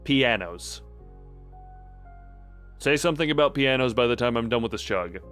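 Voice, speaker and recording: A man's voice: mid-range voice, expressive, moderate pace, a bit bright. A young man chatting casually on a late-night stream, rambling and cutting himself off mid-sentence. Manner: rambling, self-interrupting, chatty. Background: faint background music.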